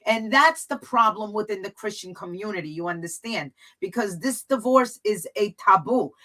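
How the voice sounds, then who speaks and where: A woman's voice: medium pitch, expressive, normal speed, bright, forceful tone, rough recording. A woman hosting a talk show, speaking earnestly and from the heart as she shares her own story with her guest. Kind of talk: talk show conversation, personal testimony.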